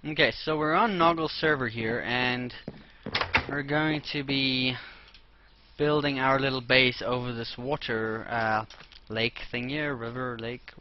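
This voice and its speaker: Young man, casual game commentary, rambling, dull lo-fi mic, steady hiss behind. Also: mid-range voice, a little slow. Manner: rambling, talks to himself while playing. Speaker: let's play host. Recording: dull lo-fi mic with clear noise.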